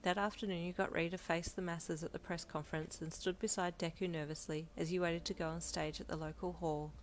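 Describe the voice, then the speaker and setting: A woman narrating a second-person fanfiction romance, steady and gentle. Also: fairly low pitch, a little fast, slight background noise.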